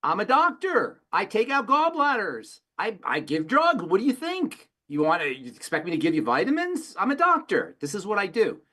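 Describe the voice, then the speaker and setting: A man voicing a scheming male scorpion in a retold fable, mocking and raising his pitch. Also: wildly swooping pitch, normal speed, hardly any pauses, bright, forceful tone, full character voice. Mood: smug.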